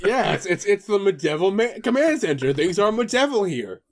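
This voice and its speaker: Excitable co-host, lively pitch, swears and laughs mid-sentence. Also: male voice, normal speed. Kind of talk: comedic fanfic riff.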